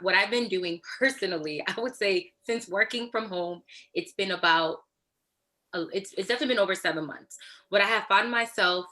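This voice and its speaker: A woman's voice: lowish voice, bright, forceful tone. A woman speaking candidly as a guest in a casual panel discussion, thinking aloud with frequent fillers. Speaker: podcast guest.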